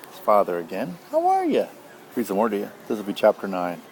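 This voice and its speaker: A father reading a novel aloud to his child, gentle and unhurried. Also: lowish voice, a little hiss or hum. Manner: gentle, unhurried, tender asides.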